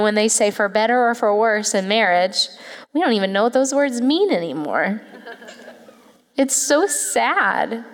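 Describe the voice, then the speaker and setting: A woman's voice: medium pitch, clear, resonant tone. A woman pastor giving a heartfelt, conversational sermon to her church. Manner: heartfelt, conversational, tearful at moments. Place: church sanctuary. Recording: long hall reverb.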